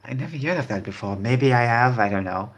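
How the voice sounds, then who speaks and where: A man's voice: mid-range voice, expressive, brisk. A man hosting a casual video, commenting on online posts in a rambling way that repeats phrases. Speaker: video host.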